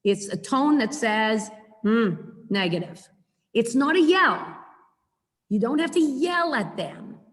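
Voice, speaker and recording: A woman's voice: high voice, lively intonation, measured pace, big-room sound. A woman dog trainer teaching a webinar over a video call, practical and demonstrating the tones she uses.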